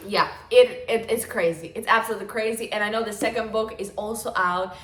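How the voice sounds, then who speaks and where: A woman's voice: mid-range voice, fairly even intonation, brisk, fairly bright tone. A young woman in her twenties talks through her favorite reads in a loose, chatty way, with plenty of fillers along the way. Her voice sits in an ordinary middle register. The sound is roomy and echoey. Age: 20s. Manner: gushing, chatty, with lots of fillers. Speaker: book vlogger. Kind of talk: casual chat. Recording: echoey room.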